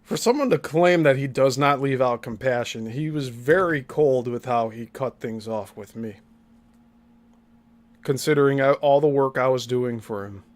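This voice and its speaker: A man's voice: mid-range voice, moderate pace. A man hosting a commentary podcast, breaking down an interview with critical, pointed remarks. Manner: critical, pointed asides to co-host. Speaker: host.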